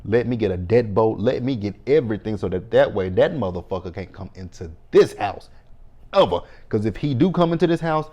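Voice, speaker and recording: A man voicing a frantic middle-aged mother on the phone, shrill and panicky, piling on outraged lines. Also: animated, brisk, mellow. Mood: panicked outrage.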